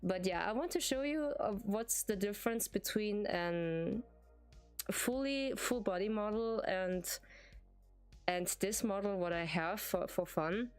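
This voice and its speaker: A woman's voice: medium pitch, a little slow, smooth, soft background music. A woman streamer with a German accent, a native German speaker, chatting casually in English with lots of hesitations and giggles. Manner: hesitant, giggly, many fillers and restarts. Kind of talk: casual live-stream chat.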